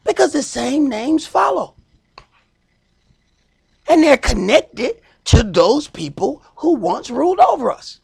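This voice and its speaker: A man preaching a sermon as priest, stressing points by slowing down and raising his voice. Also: extremely high pitch, big pitch swings, creaky. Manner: emphatic preaching, slows and shouts for stress.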